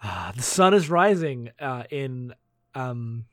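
A man's voice: mid-range voice, sing-song, slow, no echo, studio quality. A man co-hosting a podcast in casual comedic chat, sarcastic and often laughing. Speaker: podcast co-host.

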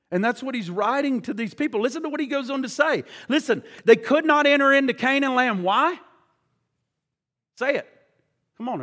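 A man with a very high voice delivers a fervent sermon from the pulpit. He keeps firing questions at his congregation, and the sound rings out in a long hall reverb. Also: a bit bright. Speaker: pastor.

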